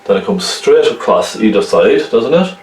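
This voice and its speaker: A man's voice: lowish voice, lively intonation, normal speed, a little mellow, roomy sound, recorded from a distance, low-quality recording. A man with a Cork Irish accent giving a chatty painting lesson, often checking in with the viewer. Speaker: painting instructor. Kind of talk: casual painting tutorial.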